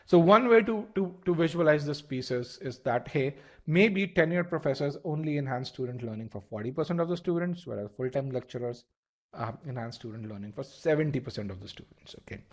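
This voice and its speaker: A man's voice: fairly high pitch, expressive, brisk, darkish tone. A man teaching a live online class, asking the audience questions, repeating key points and often restarting his phrases. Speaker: test-prep instructor.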